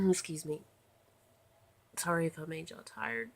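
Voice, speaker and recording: A tired woman talks slowly to her vlog camera late at night, her voice husky with a gravelly fry. She rambles drowsily and keeps slipping into whispers. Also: fairly low pitch. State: tired and sleepy. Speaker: vlogger. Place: at home in bed at night.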